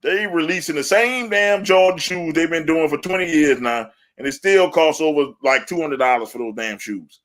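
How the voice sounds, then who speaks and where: A man holds forth in loose, laughing sports banter and ribs people with gusto. His voice sits a little high and rings bright and forceful. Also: moderate pace, hardly any pauses. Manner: animated, laughing, trash-talking. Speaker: podcast co-host.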